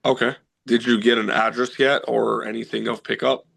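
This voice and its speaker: A man giving calm, practical dating advice step by step. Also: medium pitch, normal speed, creaky, a little hiss or hum. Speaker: matchmaker. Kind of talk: casual coaching chat.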